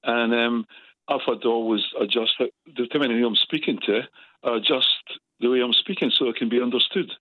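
A man's voice: mid-range voice, a little fast, no echo. Scottish man in his seventies, radio caller, opinionated, tinny phone line. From Scotland. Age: 70s. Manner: opinionated, forthright. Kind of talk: phone-in call.

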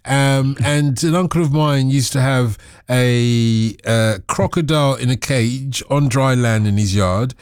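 A man in a casual chat who talks in a lively, teasing way. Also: medium pitch, a little slow, few pauses, clear, resonant tone, no echo, studio quality. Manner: lively, teasing, full of laughs. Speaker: conversation partner.

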